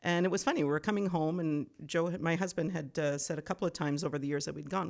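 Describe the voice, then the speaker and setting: Lively, gravelly-voiced woman guest. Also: deep voice, quick pace. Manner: animated, laughs often, acts out quoted voices. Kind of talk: casual storytelling chat.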